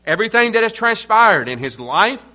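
A man preaching a sermon in an earnest, emphatic way, pausing between phrases. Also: high voice, sing-song, sharp tone. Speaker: pastor.

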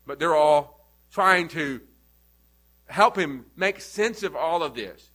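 A man's voice: on the high side, animated, slow, bright, forceful tone, low-quality recording. A man preaching an expository sermon, building to emphatic repeated questions.

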